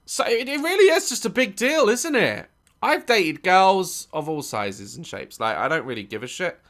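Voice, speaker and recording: Man, reaction host, casual commentary, swearing, lively swooping pitch, bright tone. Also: moderate pace. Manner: animated, swearing, mock outrage.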